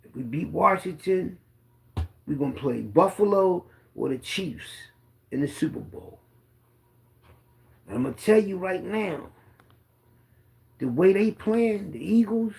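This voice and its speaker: A man's voice: sits high, expressive, unhurried, vocal fry, pauses often. A man, a former running back telling boastful, profane football stories in a rambling casual monologue.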